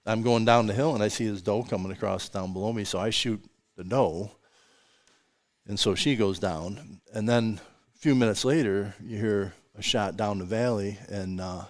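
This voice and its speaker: A man's voice: lowish voice, moderate pace. An older man hosting a podcast, telling long anecdotes in a casual, chuckling way and acting out the voices of the people in them. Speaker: podcast host. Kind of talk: casual storytelling chat.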